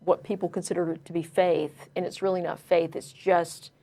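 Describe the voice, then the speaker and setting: A woman with a fairly low voice co-hosts a call-in show. She talks casually and agrees often before adding her own thoughts. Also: little pitch movement, moderate pace, dark tone. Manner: agreeable, lots of "yeah". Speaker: co-host.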